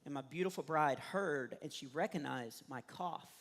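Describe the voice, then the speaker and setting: A man from Texas with a Texan accent, doing stand-up comedy, telling stories in an animated way and laughing at his own jokes. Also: a little high, moderate pace. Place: church stage. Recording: long hall reverb.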